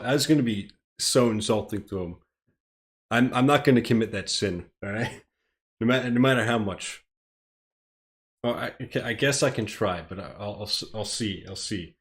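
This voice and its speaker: A man's voice: medium pitch, a bit bright. A man with an American accent, reading a script aloud on a live stream and rambling in self-deprecating asides. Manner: rambling and self-deprecating, chuckling between phrases. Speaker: streamer, host.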